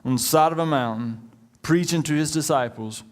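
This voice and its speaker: A man's voice: a little high, normal speed. A man, preaching a sermon in a conversational, joking way and addressing the congregation as y'all. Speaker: pastor.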